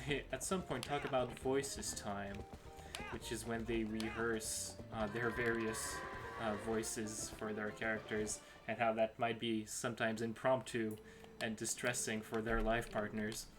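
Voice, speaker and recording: Young man rambling over game music. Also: medium pitch. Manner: rambling, many fillers and asides. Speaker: let's play host. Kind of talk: casual gameplay commentary.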